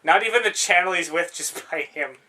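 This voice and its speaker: A man's voice: sits high, brisk, sharp tone. A young man co-hosting a podcast in casual chat, rambling and swearing freely, laughing often. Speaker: podcast co-host.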